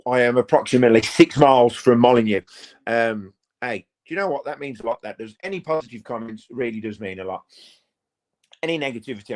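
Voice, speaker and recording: A man hosting a live football watch-along from home, chatting to viewers in a rambling way and breaking into quick play-by-play. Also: medium pitch, darkish tone. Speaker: fan channel host.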